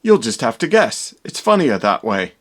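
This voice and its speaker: A man doing a gruff hunchbacked servant. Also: big pitch swings, moderate pace, faint music behind, lightly acted. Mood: cheeky. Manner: low, gruff, wisecracking. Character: bug-eyed hunchbacked male servant, cheeky.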